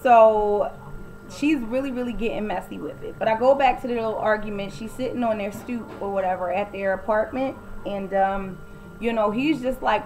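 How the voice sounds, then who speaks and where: A woman's voice: medium pitch, moderate pace, darkish tone, slight background noise, low-quality recording. A woman giving a casual, blunt and opinionated recap of a TV episode, often acting out the quoted lines. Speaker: TV recap vlogger.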